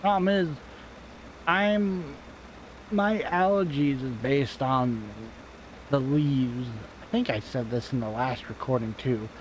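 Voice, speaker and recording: A man's voice: mid-range voice, slow pace, slight background noise, poor audio. A man giving casual, rambling commentary over a farming game, offhand and self-deprecating, swearing now and then. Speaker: gaming channel host. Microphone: desk microphone at home.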